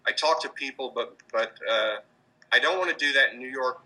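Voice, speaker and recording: A man's voice: mid-range voice, moderate pace, bright, forceful tone, poor audio. A man answering interview questions about his street performing, hesitant, with many fillers and restarts. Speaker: street performer in mobster costume.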